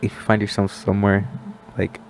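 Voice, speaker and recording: A young man with a lowish voice tells a story on a casual podcast. He talks loosely, fills gaps with "like", and acts out the other people's lines as he goes. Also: brisk, a little hiss or hum. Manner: animated storyteller, acts out quoted voices, many "like" fillers. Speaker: podcast guest.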